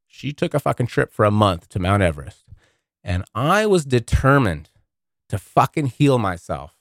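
A man's voice: mid-range voice, big pitch swings, normal speed, gravelly, dry recording, studio quality. A man hosting a podcast, rambling through a casual monologue full of profanity. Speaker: podcast host.

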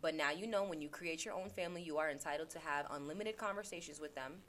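A woman's voice: deep voice, fast, a bit bright, slight background noise. A woman hosting a podcast, talking casually and earnestly about self-reflection, repeating phrases for emphasis. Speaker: podcast host; teacher. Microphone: laptop.

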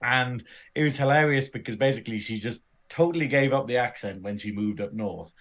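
A man's voice: mid-range voice, fairly quick, a bit bright. A man co-hosting a podcast in casual chat, laughing often and swearing freely. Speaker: podcast co-host.

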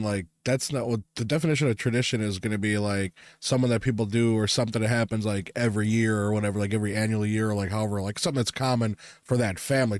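A man's voice: lowish voice, dry recording, clean studio sound. A man co-hosting a casual holiday podcast chat, teasing his partner, swearing freely and laughing often. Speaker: podcast co-host.

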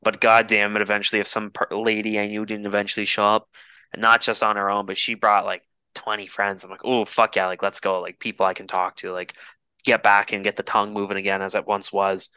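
A man's voice: fairly low pitch, little pitch movement, brisk, pushed and bright, clear, resonant tone, no room sound. A man in his twenties, a podcast co-host, telling a rambling, profane dating story in casual chat. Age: 20s.

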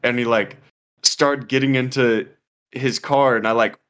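A man's voice: medium pitch, steady tone, a little slow, fairly bright tone, smooth. A young man co-hosting a podcast, telling a story in casual, profane, rambling chat full of "like" and "dude". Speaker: podcast co-host.

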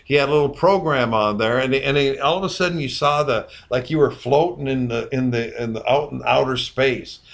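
A man's voice: mid-range voice, a little fast, hardly any pauses. Man co-hosting a casual church podcast. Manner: rambling, anecdotal, drifts between examples. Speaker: podcast co-host.

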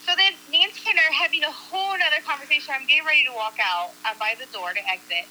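Woman with a really bright voice, chatty storyteller, acts out everyone's lines, a bit high. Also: very fast, a little hiss or hum, poor audio. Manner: animated, acts out quotes, swears casually. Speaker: coworker and friend telling a proposal story. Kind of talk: casual storytelling to a group.

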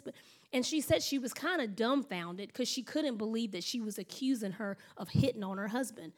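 A woman's voice: fairly high pitch, animated, a little fast. A woman pastor, telling a story in a sermon and acting out the voices of the people in it. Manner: storytelling, acts out quoted voices.

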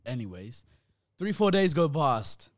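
A young man telling a story in casual podcast chat, animated and slang-heavy, often laughing. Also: a little high, unhurried.

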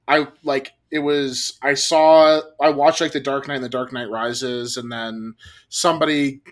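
A man co-hosting a podcast in casual chat, animated and rambling, swearing now and then. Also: mid-range voice. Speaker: podcast co-host.

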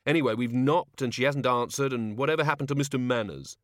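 A man's voice: mid-range voice, fast, no room sound, clean studio sound, natural voice. A man voicing a nervous, fussy minor god with a prim manner.

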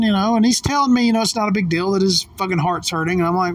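A woman's voice: mid-range voice, fairly even intonation, fast talker, hardly any pauses, distant mic. A woman telling a story in a casual, emphatic way, swearing often and getting worked up. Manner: profane, emphatic, heated. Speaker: vlogger.

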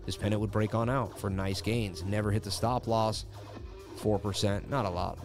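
A man's voice: fairly low pitch, steady tone, normal speed, music in the background. Chatty man hosting a live market stream. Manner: chatty, joking, slangy. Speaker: crypto chart analysis livestream host. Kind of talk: casual live market commentary.

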